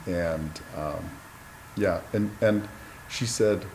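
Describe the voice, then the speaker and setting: A man in his fifties hosting a podcast, friendly and quick to laugh in casual chat. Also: low voice, creaky. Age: 50s. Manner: warm, friendly, laughs often. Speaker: podcast host. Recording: roomy sound with faint noise.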